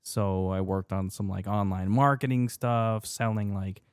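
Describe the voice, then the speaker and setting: A man co-hosting a podcast in casual chat, animated, laughing as he rants, fussy about pronunciation. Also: on the low side, unhurried, clean tone, dry recording, studio quality. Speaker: podcast co-host.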